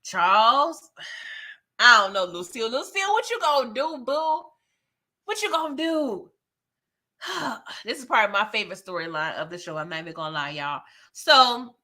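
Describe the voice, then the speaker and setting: A woman's voice: medium pitch, pushed and bright. A woman hosting a casual TV episode recap, chatty and slangy, talking straight to her viewers. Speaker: TV recap host.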